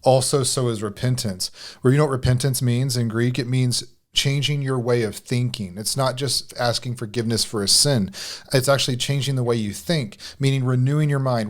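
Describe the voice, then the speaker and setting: A man's voice: medium pitch, a little fast. A man marriage coach in a casual podcast chat, rambling with lots of filler words.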